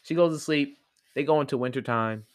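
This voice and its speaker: A man's voice: medium pitch, fairly quick, no room sound, clean studio sound. A man casually retelling a fairy tale for a podcast, rambling and slangy with many fillers. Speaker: podcast storyteller.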